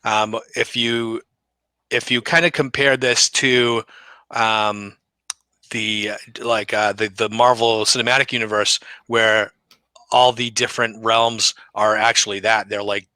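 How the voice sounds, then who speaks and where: A man co-hosting a casual comic book chat, halting with ums and restarts as he gives his opinions. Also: lowish voice, little pitch movement, bright, forceful tone, clean tone, dry recording, poor audio. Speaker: comic podcast co-host.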